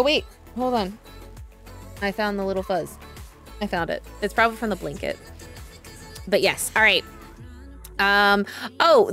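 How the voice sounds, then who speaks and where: Medium in pitch and fairly bright in tone, this thirty-something woman streamer makes rambling, chatty conversation. Her stories wander, and she keeps interrupting and restarting herself.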